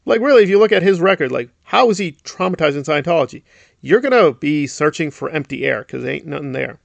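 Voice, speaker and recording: Indignant man with a gravelly voice. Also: fairly high pitch, animated, fast talker, no room sound, muffled recording. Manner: indignant, sarcastic, mocks others in put-on voices. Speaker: commentary YouTuber. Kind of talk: ranting commentary.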